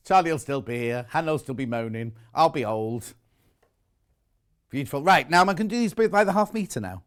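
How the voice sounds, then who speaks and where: A man's voice: on the high side, a bit bright. Gushing British man presenting a sales show. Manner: gushing, chatty, exclaiming over fabrics. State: out of breath. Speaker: shopping channel presenter. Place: TV studio.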